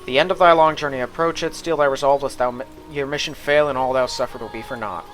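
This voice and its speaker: A man's voice: medium pitch, steady tone, quick pace, fairly bright tone, faint music behind, lightly acted. A man reading the archaic, solemn warnings of an angel. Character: solemn angel, being of light.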